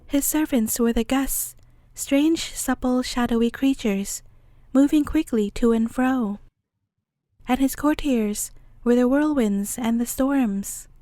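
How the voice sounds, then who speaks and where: A woman narrating a fairy tale as a bedtime story, reading in a calm, measured way. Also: on the high side, dry recording.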